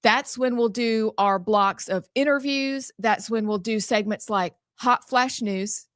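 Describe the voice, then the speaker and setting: A woman's voice: a little high, measured pace, a bit bright, no room sound. Lady co-host, upbeat, walking through the show lineup, dry studio sound. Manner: upbeat, explains the show's schedule. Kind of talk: casual talk-show chat.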